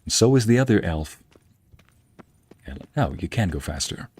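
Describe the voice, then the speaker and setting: Low-voiced man casually commenting on a game. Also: sing-song, moderate pace, darkish tone, slight background noise. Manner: chatty and easygoing. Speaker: streamer.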